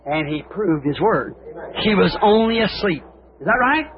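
Male preacher, high voice, fervent storytelling sermon, tinny old tape with faint hiss. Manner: fervent storytelling, acting out scripture scenes; rhetorical questions to the congregation.

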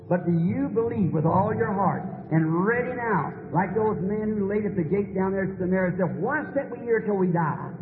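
A man's voice: high-pitched, background noise. Man preaching in an echoey hall. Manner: calls out people one by one, commanding. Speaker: evangelist. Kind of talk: healing service preaching. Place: large hall before a crowd. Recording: echoey hall, tinny old tape.

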